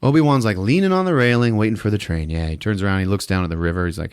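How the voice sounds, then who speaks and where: Low-voiced man recapping a movie casually. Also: rapid-fire, clear, resonant tone, no room sound, studio quality. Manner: casual, swears, acts out scenes. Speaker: podcast host. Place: podcast studio.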